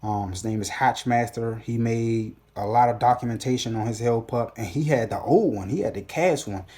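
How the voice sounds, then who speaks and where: A man's voice: medium pitch, moderate pace, warm tone. A man hosting his own gun channel, telling a rambling storytime recap in a casual, profane way, full of fillers and restarts.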